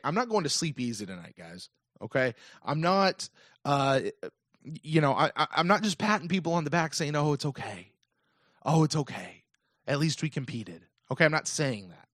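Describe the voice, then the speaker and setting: An American man in his thirties rants to his listeners on a call-in sports podcast, circling back on his points with emphatic repetition. His voice sits a little high. The sound is dry and close to the mic. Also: no echo. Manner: animated, repetitive, emphatic rant. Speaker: podcast host.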